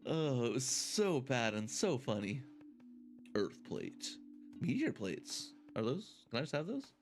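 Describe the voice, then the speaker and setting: A man's voice: medium pitch, very animated, slow, music in the background. A man giving casual, chatty commentary while playing a video game, thinking aloud and laughing often. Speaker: game streamer. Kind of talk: casual let's-play commentary.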